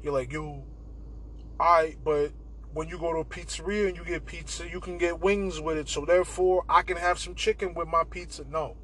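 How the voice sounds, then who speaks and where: A man's voice: on the high side, steady tone, a little fast, slight background noise, low-quality recording. A young man hosting a casual podcast monologue, rambling and swearing and saying "bro" a lot. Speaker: podcast host.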